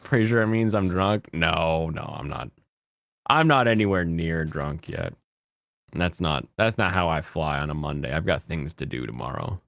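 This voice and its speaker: A man's voice: very deep voice, normal speed, vocal fry, fairly bright tone, no room sound, studio quality. A man in his thirties chatting casually as a streamer, rambling and giggly. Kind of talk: casual chat.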